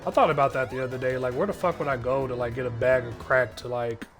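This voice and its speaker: A man's voice: medium pitch, fairly even intonation, fast, vocal fry, music in the background. A man streaming live, ranting to his chat in a rambling, sardonic way, swearing constantly and restarting his sentences. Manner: rambling, heavy cursing, sardonic.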